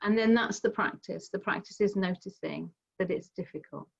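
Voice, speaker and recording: A middle-aged woman gently guiding a mindfulness session over a video call, explaining with everyday examples. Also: mid-range voice, normal speed, vocal fry, husky. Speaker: mindfulness teacher. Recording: slightly dull video call audio.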